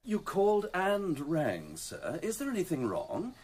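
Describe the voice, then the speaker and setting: An actor playing a deferential, attentive manservant in a radio drama, polite and formal. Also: male voice, high voice, wildly swooping pitch, a little slow, darkish tone, breathy edge, full character voice.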